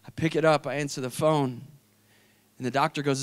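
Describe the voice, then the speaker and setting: A young adult man telling an emotional personal story in a faith talk, swinging from hushed to intense. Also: medium pitch, fairly even intonation, fast talker, clean tone. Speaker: speaker.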